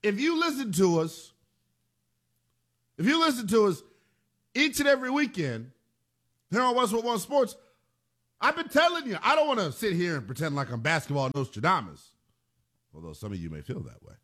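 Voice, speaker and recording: A sports radio host talks in a high, bright register that swings widely as he drives home each point. He is emphatic and animated, and he leans on repeated phrases for punch. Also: moderate pace, pauses often. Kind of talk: sports talk radio monologue.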